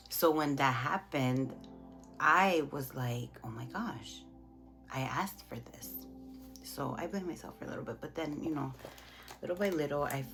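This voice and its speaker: A young woman speaks softly in a casual get-ready-with-me chat. Her voice is low and gravelly, and she halts and restarts in an emotional way. Clear music plays behind her. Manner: soft, halting, emotional, many restarts. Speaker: vlogger. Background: background music.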